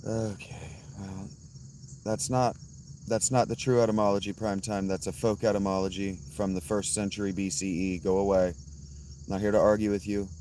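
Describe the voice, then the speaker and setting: A hoarse man hosting a casual livestream, answering chat bluntly and calling out viewers by name. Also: lowish voice, level tone, moderate pace, mellow, a little hiss or hum. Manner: blunt, swears, addresses chatters by name. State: hoarse, worn-out voice. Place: outdoors at night with insects.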